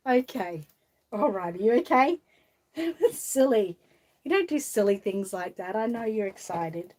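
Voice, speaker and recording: A woman's voice: on the high side, lively intonation, a little slow, darkish tone. An Australian woman hosting a casual live stream, reading viewer comments aloud and coaxing a doll in a fond sing-song voice, laughing often. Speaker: vlog host.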